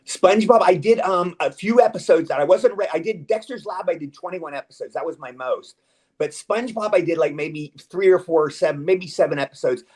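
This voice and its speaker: A man's voice: high voice, a little fast, darkish tone. A man chatting as a guest in a casual interview, rambling and eager, with stammered restarts. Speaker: guest actor.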